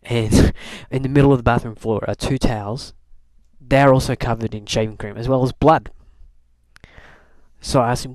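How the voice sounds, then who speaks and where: A man's voice: medium pitch, brisk, no echo. A young man from Canada telling a rambling, wry diary-style story, full of fillers and restarts. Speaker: video blogger. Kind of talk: casual rambling diary talk.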